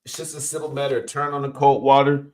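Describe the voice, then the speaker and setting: A man's voice: medium pitch, fast talker. A man, a coach and host giving an emphatic, casual motivational talk. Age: 50s. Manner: energetic, emphatic, punchy interjections.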